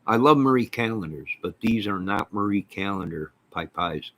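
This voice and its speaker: A man hosting his own channel, chatting casually to his viewers on a live stream in an excitable, folksy, rambling way. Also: fairly low pitch, moderate pace, low-quality recording. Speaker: channel host.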